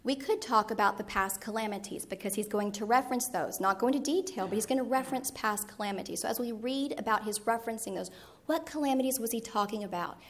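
A middle-aged woman teaching Latin poetry and history in a presentation, explaining patiently and sometimes correcting herself. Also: medium pitch. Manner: explanatory, with occasional self-corrections. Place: presentation room with a screen.

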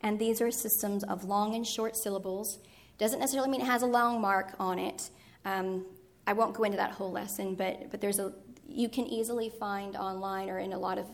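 Woman teaching with a gravelly edge. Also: mid-range voice. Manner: explanatory, with occasional self-corrections. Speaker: Latin teacher presenting. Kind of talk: teaching presentation. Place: presentation room with a screen.

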